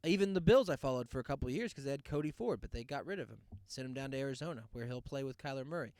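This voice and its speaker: A man hosting his own show, ranting loudly and sarcastically, with laughs in between. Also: medium pitch, expressive, very fast, dry recording, studio quality. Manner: loud, sarcastic rants with laughs. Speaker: podcast host. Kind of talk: casual solo rant.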